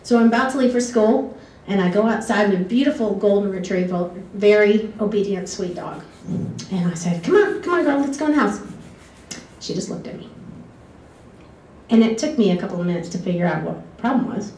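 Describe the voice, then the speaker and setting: A woman's voice: medium pitch, a little fast, mellow. A woman telling personal stories in a chatty way, wandering off on tangents and laughing often. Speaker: former exchange student telling stories. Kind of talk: casual storytelling talk. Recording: echoey room, distant mic, faint background hiss.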